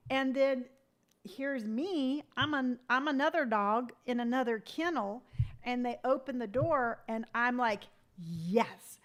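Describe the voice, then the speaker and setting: A woman in her fifties hosting a casual livestream, giving an earnest, animated pep talk with some tough love, and mimicking other people's remarks as she goes. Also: sits high, measured pace. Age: 50s. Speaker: livestream host. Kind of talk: motivational livestream chat.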